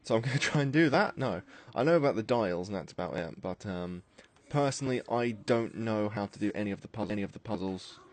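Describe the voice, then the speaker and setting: A man's voice: on the low side, animated, fairly quick, hardly any pauses. A man giving casual, rambling commentary while playing a zombie game, chatty and self-mocking. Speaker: gaming commentator.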